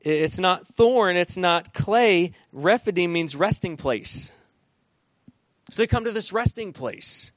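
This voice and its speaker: A man's voice: high-pitched, expressive, takes it slowly, no room sound. A man preaching a sermon in a conversational way, often restarting his sentences and acting out quotes. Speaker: pastor.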